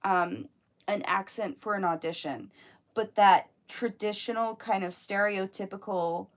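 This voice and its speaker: A woman's voice: medium pitch, unhurried. Earnest, explanatory woman. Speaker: podcast co-host, actor. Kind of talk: casual chat.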